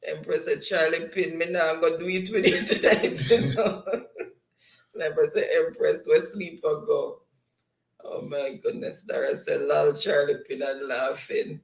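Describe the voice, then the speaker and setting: A man hosts a livestream and reads the chat aloud at a slow, unhurried pace, breaking into laughter again and again. His voice sits a bit high and has a gravelly edge. The sound bounces around an echoey room. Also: fairly even intonation. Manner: laughs often, slow and easygoing. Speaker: livestream host. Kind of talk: reading live chat aloud.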